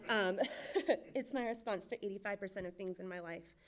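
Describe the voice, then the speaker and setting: Speaking fast and laughing frequently, a young church children's director shares her testimony with obvious nerves. She comes from Georgia, USA, and her pitch is medium.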